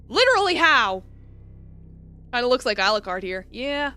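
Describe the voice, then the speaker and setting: A woman's voice: a little high, sing-song, moderate pace, pauses often, pushed and bright, smooth, faint music behind. A woman streamer reading a game aloud, dramatic, jumping from narration to shrieks and mock sobs.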